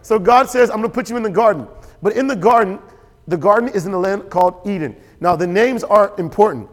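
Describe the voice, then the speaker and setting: A man preaching a sermon as pastor, animated and storytelling. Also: high-pitched, a little fast. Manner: animated, storytelling with quoted voices and laughter. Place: church sanctuary. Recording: church hall with long reverb.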